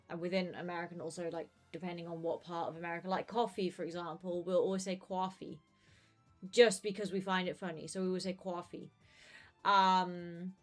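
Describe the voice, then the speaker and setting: Chatty British woman streaming a game. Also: on the low side. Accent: neutral British. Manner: chatty, rambling with many fillers; laughs easily while talking. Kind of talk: casual chat while gaming.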